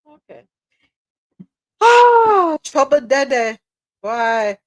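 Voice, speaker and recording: A woman with a Caribbean accent hosting a live talk show, chatting in a lively way, laughing often and slipping into patois. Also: a little high, normal speed, no room sound. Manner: animated, laughing, slips into patois. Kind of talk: casual chat.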